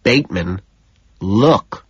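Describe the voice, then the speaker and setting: A man voicing a smug, petty young male finance colleague in an audiobook, needling and tense, with a husky voice and a dull, lo-fi sound. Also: on the low side, animated, slow pace, no room sound, heavily acted. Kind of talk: audiobook character voice.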